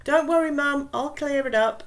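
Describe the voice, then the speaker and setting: Woman doing a bright young girl, raised pitch, flustered and quick, storybook read-aloud. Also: animated. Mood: flustered, brisk.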